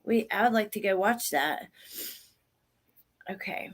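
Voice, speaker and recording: A woman's voice: mid-range voice, expressive, unhurried. A woman hosting a casual livestream, chatting with viewers by name and repeating lines from a clip. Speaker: livestream host.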